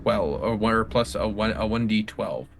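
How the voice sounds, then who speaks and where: A man's voice: lowish voice, normal speed, creaky, music in the background. A man playing a tabletop game, chatty and joking, loose with filler words. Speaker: player. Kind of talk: casual tabletop play.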